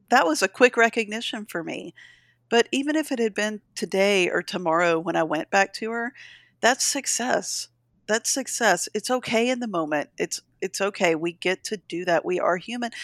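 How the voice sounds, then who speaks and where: A woman's voice: medium pitch, fairly bright tone, no room sound, studio quality. A middle-aged woman talking candidly and emotionally in a casual conversation, encouraging her listeners. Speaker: podcast co-host.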